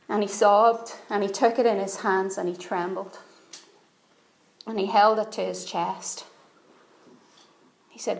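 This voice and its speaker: Woman preaching, earnest, repeats herself for emphasis, bit gravelly, roomy echo. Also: medium pitch, fairly even intonation, unhurried, long pauses. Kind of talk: sermon storytelling.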